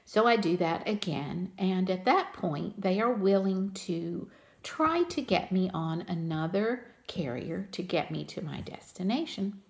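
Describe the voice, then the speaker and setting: A woman's voice: on the low side, animated, unhurried. An older woman chatting to her viewers as a cross-stitch vlogger, telling a travel story in a friendly, talkative way.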